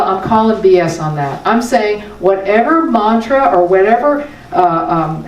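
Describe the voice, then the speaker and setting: A woman's voice: mid-range voice, recorded from a distance, slight background noise. Woman preaching in a roomy hall. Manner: conversational, emphatic, with small laughs. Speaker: spiritual teacher. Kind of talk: sermon. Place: spiritual center hall.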